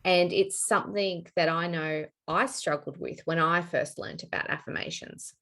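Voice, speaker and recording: Woman interview host, lowish voice, thoughtful and agreeable. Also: steady tone, moderate pace, vocal fry, sharp tone. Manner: affirming, thoughtful, frequent agreeing. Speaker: podcast host. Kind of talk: interview conversation.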